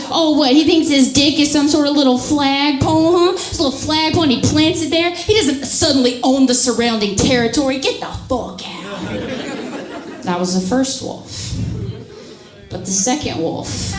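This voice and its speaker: A drunk woman from a small town in Mississippi, doing a bawdy, self-mocking stand-up set and laughing at her own jokes. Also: sits high. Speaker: stand-up comedian. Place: comedy club stage with a live audience. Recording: echoey room with loud crowd laughter.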